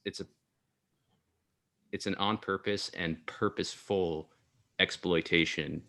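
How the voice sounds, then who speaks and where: A man with a very low voice hosts a casual podcast chat. He talks haltingly and restarts often while he searches for words. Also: steady tone, bright, forceful tone. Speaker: podcast host.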